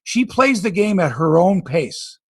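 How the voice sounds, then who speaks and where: A Canadian man hosting a casual sports podcast, telling stories with animated tangents. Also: high-pitched, measured pace, husky, dry recording. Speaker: podcast host.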